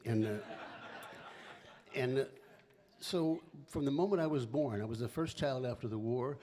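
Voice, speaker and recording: A man's voice: medium pitch, moderate pace, mellow. A man in his seventies from Philadelphia, a singer-songwriter telling a rambling, chatty family story between songs, with laughing asides. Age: 70s.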